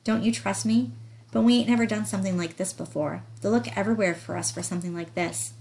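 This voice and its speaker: A woman's voice: medium pitch, quick pace, creaky, a little mellow, close to an everyday voice, rough recording. A woman reading as a frightened pleading young woman. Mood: scared, pleading. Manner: anxious, pleading Southern-inflected dialect.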